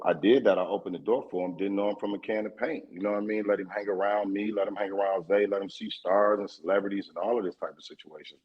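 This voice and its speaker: A man, a guest in a casual interview, telling a story in a streetwise and profane way, getting more animated as he goes. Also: on the low side, husky, lo-fi sound.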